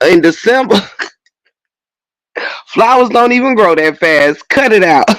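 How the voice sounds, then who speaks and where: A man's voice: sits high, lively intonation, measured pace, a bit bright, a little hiss or hum, rough recording. A man hosting a commentary stream, ranting bluntly with heavy slang, cursing and mocking. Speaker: commentary host. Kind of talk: unscripted rant.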